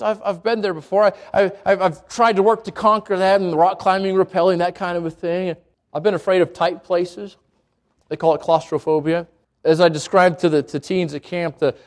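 A man preaching a sermon in a church, telling stories with animated delivery and acting out voices. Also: sits high. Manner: animated storytelling, acts out voices. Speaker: pastor. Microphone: handheld or wireless microphone.

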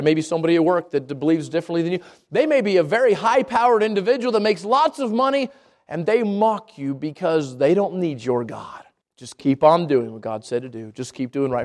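Male pastor, fairly high voice, impassioned evening sermon, swings from emphatic highs to hushed prayer. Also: lively intonation, a little fast.

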